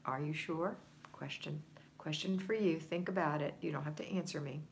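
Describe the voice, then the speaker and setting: A home organizing coach runs a livestream, reading viewers' comments aloud and encouraging them in a chatty, conversational manner. Her voice is deep with vocal fry, she speaks at normal speed, and there's a slight hiss or hum.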